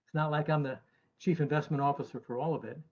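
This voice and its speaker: A man's voice: a little high, fairly even intonation, quick pace, lo-fi sound. An American man, an actuary, giving a presentation to investors in an earnest, emphatic way with dry asides. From United States.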